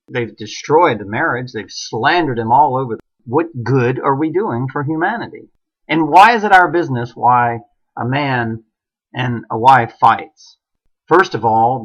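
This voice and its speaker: A middle-aged man holds forth in a heated solo rant, hammering his points with one rhetorical question after another. His voice sits at an ordinary mid pitch, and the recording is dull and lo-fi. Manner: ranting, emphatic, many rhetorical questions. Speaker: online commentator. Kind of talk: impassioned solo monologue.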